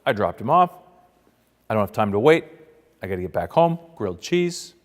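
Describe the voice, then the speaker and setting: A man telling a rambling, boastful comic anecdote in a deadpan mock-documentary style, now and then bursting into loud quoted shouts. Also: lowish voice, normal speed, in a large hall. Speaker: comic storyteller.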